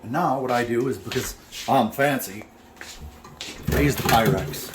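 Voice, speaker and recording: A man's voice: mid-range voice, measured pace, noisy background. A middle-aged man cooking in his home kitchen for a casual vlog, talking in a brash, joking, boastful way. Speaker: home cook vlogger.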